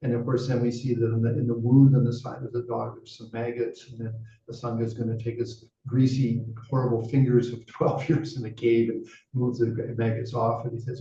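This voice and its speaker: Gravelly man telling a dharma story. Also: medium pitch, level tone, a little fast, warm tone. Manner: chatty, frequent "you know" asides. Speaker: Buddhist teacher. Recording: roomy, distant, dull sound.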